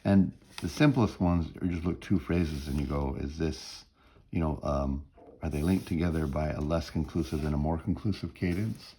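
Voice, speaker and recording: A very deep-voiced man with a gravelly edge talks students through a music theory lesson. He works step by step, hums short melody fragments and keeps checking in with "right?". His tone is dark and mellow, and faint noise sits under the recording. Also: normal speed. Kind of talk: recorded lecture walkthrough.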